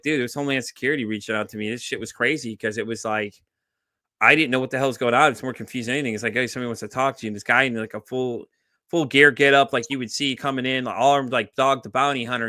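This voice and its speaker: A man hosting a casual podcast who talks fast and tells his stories with animated energy. His voice is bright and forceful, and he swears freely. The sound is dry and close. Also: medium pitch, no room sound. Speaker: podcast host.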